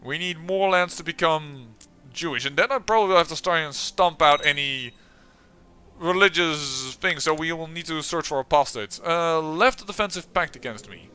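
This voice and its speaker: Bright-voiced man commenting on a game. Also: a little high, moderate pace, smooth, faint music behind. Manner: thinks aloud, trails off and restarts sentences. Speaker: let's-play host.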